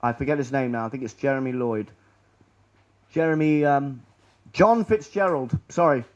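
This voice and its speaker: A man's voice: medium pitch, normal speed, a little mellow, muffled recording. A man giving a rambling, sarcastic talk over slides, full of restarts and asides. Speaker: conspiracy lecturer.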